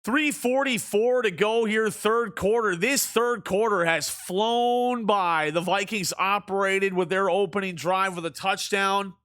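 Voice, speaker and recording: Young guy doing play-by-play on his stream, high bright voice, gets loud on big plays. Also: a little slow, few pauses. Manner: excitable, shouts on big plays. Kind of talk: mock sports commentary over a video game.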